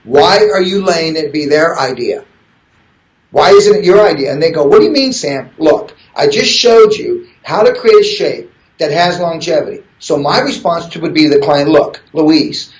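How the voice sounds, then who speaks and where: A man's voice: a little high, moderate pace. A middle-aged man being interviewed, coaching hairdressers in an earnest tone and acting out client dialogue. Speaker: interview guest, hair educator. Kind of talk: conversational interview. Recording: echoey room.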